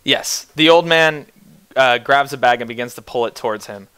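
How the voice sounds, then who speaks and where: Young male game master, bright forceful voice, dry close sound; animated narration. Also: mid-range voice, normal speed, smooth, no room sound.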